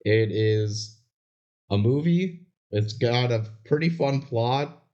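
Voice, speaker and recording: A man's voice: medium pitch, lively intonation, slow, a little mellow. A young man co-hosting a podcast, trading dry jokes in casual chat. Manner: dry, joking banter. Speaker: podcast co-host. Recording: dull lo-fi podcast audio.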